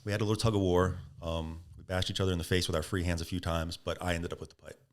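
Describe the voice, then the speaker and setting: A man's voice: sits low, fast. A middle-aged man, a podcast guest, telling a story in casual talk and acting out the quotes with bursts of laughter. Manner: animated, acts out quotes with laughs.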